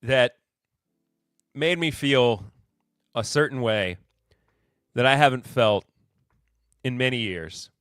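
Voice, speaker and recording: A man hosts a live whiskey podcast in a smooth, resonant voice at an ordinary pitch. He rambles through new bottle labels with a sarcastic, self-deprecating streak. The sound is dry and close, with faint music underneath. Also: slow, long pauses, a bit bright, no room sound. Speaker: podcast host.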